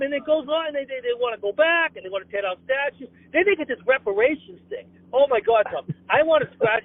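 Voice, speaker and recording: A Boston man with a strikingly high voice launches into an exasperated comic rant, tripping over his words and repeating himself. The sound is thin and tinny, like a phone line. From Boston area. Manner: exasperated, repetitive stammering rant. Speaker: comedian guest. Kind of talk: ranting comic monologue on a call.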